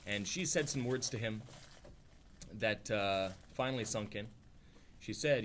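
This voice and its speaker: A man's voice: on the low side, measured pace, pauses often, fairly bright tone, a little hiss or hum. A man teaching an informal religious study class, talking conversationally, acting out quotes with a lifted voice and often checking in with "right?". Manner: conversational, acts out quotes with rising voice, frequent "right?".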